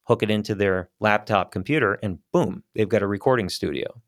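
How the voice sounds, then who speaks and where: Man, low voice, relaxed and chatty, dry close studio mic. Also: a little fast, no echo. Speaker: voice actor guest. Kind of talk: casual interview chat. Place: small studio. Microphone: studio microphone.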